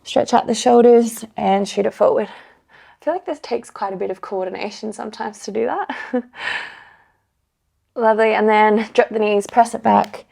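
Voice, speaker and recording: A woman's voice: mid-range voice, vocal fry, mellow. A young woman leading a pilates class, coaching and counting down the reps, slightly out of breath. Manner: upbeat counting and coaching, with light laughs. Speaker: pilates instructor. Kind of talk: workout instruction.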